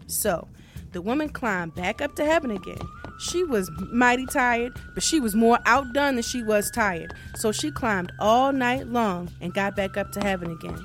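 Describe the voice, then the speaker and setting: A woman storyteller reading an old folktale in a folksy, expressive way. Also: a little high. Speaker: host and storyteller.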